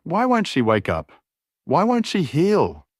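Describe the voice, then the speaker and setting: A man's voice: on the low side, huge pitch swings, normal speed, no echo, studio quality. A man voicing a distraught werewolf man who screams out in anguish. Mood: frantic. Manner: screaming, frantic. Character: distraught young werewolf man, desperate mate.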